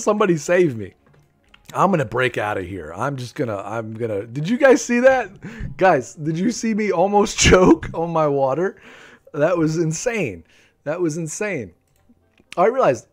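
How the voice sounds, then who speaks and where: A man in his thirties hosting a live game stream from home, playful and chatty, often repeating himself and laughing, speaking into a desk microphone. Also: a little high. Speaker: livestream gaming host. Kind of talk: live gameplay commentary. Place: home room.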